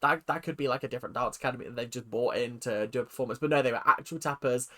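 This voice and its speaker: A young British woman hosting a reaction video, casual, sarcastic and animated, swearing freely. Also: extremely low pitch, rapid-fire.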